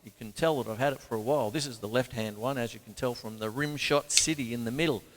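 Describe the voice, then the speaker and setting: A man's voice: medium pitch, quick pace. An Australian man giving a casual drum lesson, rambling and chatty, counting beats aloud as he plays. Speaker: drum teacher. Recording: long reverb, loud drum kit behind. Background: drum kit playing.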